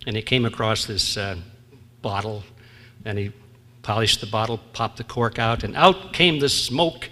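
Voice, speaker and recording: A man's voice: mid-range voice, pushed and bright. A man giving a humorous lecture, wry, chuckling at his own jokes and drawing out his punchlines. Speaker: conference speaker. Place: large historic theatre. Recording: long reverb in theatre hall.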